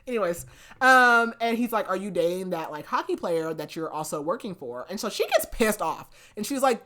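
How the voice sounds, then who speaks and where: A woman's voice: on the low side, lively intonation, a little fast, a bit bright. Chatty young woman recapping a book. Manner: chatty, filler-heavy retelling with lots of "like". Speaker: book review podcast host.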